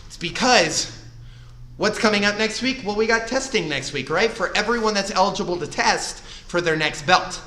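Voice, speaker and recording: Male karate instructor, high and very bright, upbeat coaching, recorded far off in an echoey room. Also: animated, normal speed. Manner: upbeat coaching, counting moves with shouted kiai. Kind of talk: instructing a live online class.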